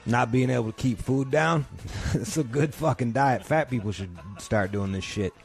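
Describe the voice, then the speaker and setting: A man's voice: mid-range voice, moderate pace, creaky, soft background music. A man hosting a podcast from home, telling profane, rambling comic stories. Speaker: podcast host. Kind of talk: crude comedic rant. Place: home couch.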